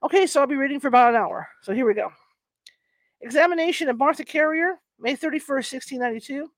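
A woman reads a historical book aloud for her channel, her voice sitting a little high. Between passages she drops into chatty asides, and she sometimes stumbles over the old wording. The sound is close and dry, with little room in it. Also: lively intonation, fast talker, dry recording. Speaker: host of a paranormal reading channel.

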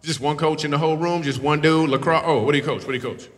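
A fast-talking man with a fairly high pitch does stand-up crowd work, teasing the audience playfully and laughing often. He uses a handheld mic in a reverberant hall during a live comedy show, where faint audience laughter can be heard.

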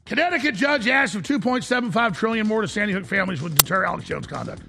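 A middle-aged man, hosting a talk show in a mocking, animated rant that breaks into shouts and mimicked voices. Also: high voice, fast, gravelly, few pauses, faint music behind. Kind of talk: ranting monologue.

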